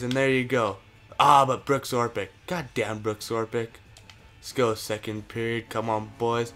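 A man's voice: mid-range voice, moderate pace. A young man casually commentating a hockey management game, cheering and cursing at how it plays out. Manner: excitable, cheers and curses at the game. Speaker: gaming commentator.

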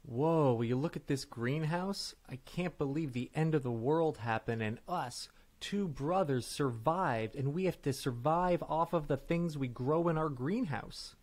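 A man playing a condescending brother in an improv scene demo, speaking slowly. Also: mid-range voice, lightly acted. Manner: slow, condescending.

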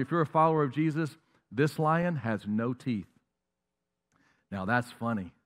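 A male pastor preaching a lively sermon, asking the congregation questions and dropping into mocking voices. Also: mid-range voice, in a large hall. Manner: animated, jumps into mocking voices and asks the crowd questions. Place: large church auditorium.

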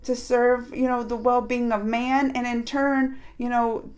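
A woman's voice: a little high, little pitch movement, unhurried, a little mellow. A woman hosting a reaction video, talking casually and rambling with many fillers and restarts. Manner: retells scenes by acting out the characters' lines.

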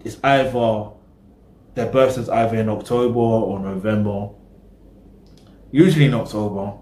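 A man's voice: lowish voice, normal speed, a little mellow, echoey room. A man hosting a reaction video, rambling casually in slang and talking straight to his viewers.

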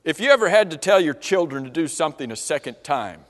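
A man preaching a sermon to a congregation, pausing often to ask them questions. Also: on the high side, big pitch swings. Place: church auditorium. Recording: long reverb of a church hall.

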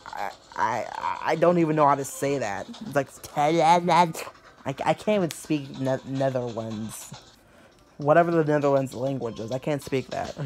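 A man hosting a let's play video, rambling casually as he wraps up, swearing and laughing often. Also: medium pitch. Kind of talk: casual gameplay commentary.

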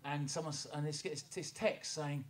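A man's voice: a little high, steady tone, moderate pace. A man telling a rambling, self-mocking story on stage at a small pub gig, stumbling over restarts between songs. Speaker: singer-songwriter introducing a song. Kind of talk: rambling onstage anecdote at a gig. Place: small indoor pub music venue. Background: acoustic guitar.

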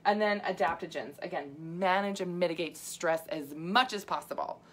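With a voice on the low side and a fairly bright tone, this middle-aged health coach talks at normal speed in a casual livestream. She is chatty, laughs often, and fills her talk with asides and fillers.

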